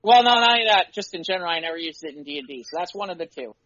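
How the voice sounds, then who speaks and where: A man co-hosting a podcast and chatting casually about running tabletop games as game master, acting out his players' lines in quick voices. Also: high voice, lively intonation, highs cut off, over a noisy crowd. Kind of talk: casual chat.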